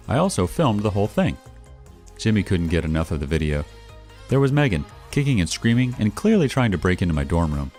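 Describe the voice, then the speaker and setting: A man reading a first-person story aloud in a wry, expressive way, as the channel's narrator. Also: deep voice. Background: faint background music.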